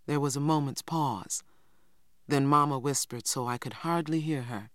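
An audiobook narrator reading a first-person novel in a measured, even storytelling manner. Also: medium pitch, dry recording, studio quality.

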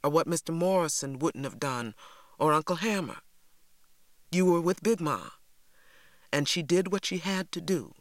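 A woman voicing a firm, tired mother in an audiobook, speaking quietly with a hard, controlled edge. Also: sits low, expressive, moderate pace, pauses often, no room sound, studio quality, pitched above the performer's own voice. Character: firm, weary Southern mother. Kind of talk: audiobook character voice.

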